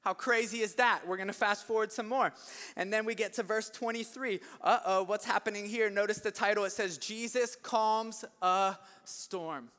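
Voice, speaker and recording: A man preaching an energetic sermon, telling the story with animated delivery that climbs into shouts. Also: sits high, brisk. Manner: animated storytelling, acts out voices, rising to shouts. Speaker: pastor. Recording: long hall reverb.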